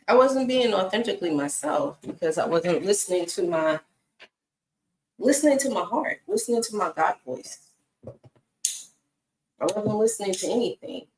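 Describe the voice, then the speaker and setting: An inspirational speaker with a mid-range voice gives a casual faith talk, addressing her viewers directly and pausing between points to speak to her dog. She is recorded away from the mic in an echoey room.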